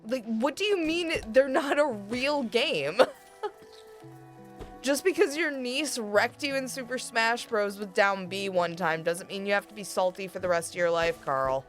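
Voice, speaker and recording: A woman's voice: a little high, expressive, measured pace, soft background music. A woman streaming a game, chatting casually with her viewers, laughing often and swearing freely. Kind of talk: casual gameplay chat with chat.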